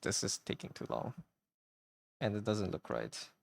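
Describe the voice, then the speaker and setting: Gravelly, low-voiced man streaming while drawing. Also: sing-song, measured pace, dry recording, studio quality. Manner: rambling, self-chatting, goofy asides. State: hiccuping.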